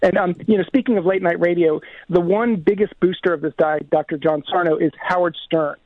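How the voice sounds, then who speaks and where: A filmmaker speaks over a tinny phone line during a radio interview. He explains things earnestly and fluently. His voice sits high for a man and sounds dry. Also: steady tone, a little fast, no echo. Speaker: guest filmmaker.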